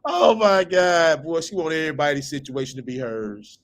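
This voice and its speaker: A man's voice: a little high, normal speed, few pauses. Male commentary host with a slightly raised voice who reads posts aloud and tears into them with foul-mouthed mockery. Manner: profane, mocking, incredulous rants; breaks into laughter at times. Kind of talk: reading a post aloud and reacting.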